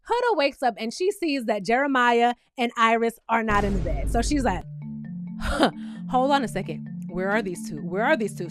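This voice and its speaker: A woman's voice: on the high side, dry recording. A woman recapping a reality dating show in a casual, sassy way, talking back to the cast. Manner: sassy, talks back to the cast, animated asides.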